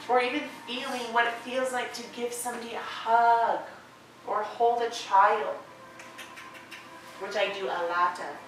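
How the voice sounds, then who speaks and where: A woman yoga instructor giving gentle, encouraging cues with drawn-out phrasing and playful, chatty asides. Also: on the high side, fairly even intonation, a little hiss or hum. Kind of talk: guided yoga class talk. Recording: echoey room, distant mic, music behind.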